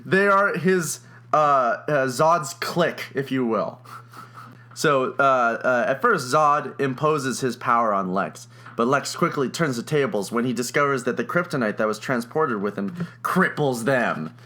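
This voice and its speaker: A young man co-hosting a podcast, casually retelling a movie plot in his own words, chatty and quick to laugh. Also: medium pitch, animated, bright, forceful tone. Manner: chatty, laughs often, many fillers. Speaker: podcast co-host.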